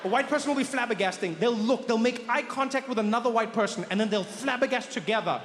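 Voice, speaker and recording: South African man, stand-up comedian, high voice, animated storytelling, faint crowd noise behind. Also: quick pace. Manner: animated storytelling, acts out other people's voices.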